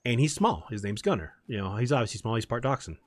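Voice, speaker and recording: A man's voice: medium pitch, expressive, fast talker. A man streaming a game from home, chatting in a rambling, storytelling way. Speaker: gaming streamer. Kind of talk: casual chat while gaming.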